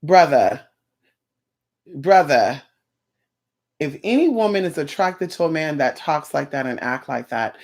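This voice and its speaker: A woman's voice: low-pitched, lively intonation, unhurried, pauses often, a little mellow. A woman ranting in a casual vlog, sassy and blunt, with plenty of profanity and mocking asides. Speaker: vlogger.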